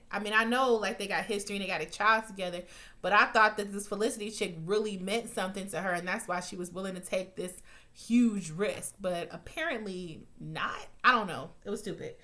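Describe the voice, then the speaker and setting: A woman's voice: mid-range voice, fairly even intonation, brisk, bright, forceful tone. A woman talking through a TV episode recap in a casual, chatty way, blunt and full of swearing, with many fillers and restarts, her voice jumping up when she gets worked up. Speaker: TV recap reviewer.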